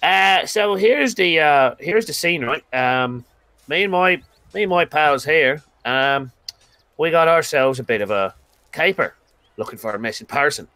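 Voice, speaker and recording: A man voicing a loud, boisterous male adventurer who talks in brash, chummy slang. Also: a little high, expressive, measured pace, no echo, pitched above the performer's own voice. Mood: wheedling.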